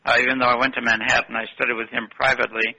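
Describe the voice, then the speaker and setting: Gravelly older man telling stories. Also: medium pitch, flat delivery, rapid-fire, sharp tone, dull audio. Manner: rambling, anecdotal, self-correcting. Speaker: guest. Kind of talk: interview storytelling.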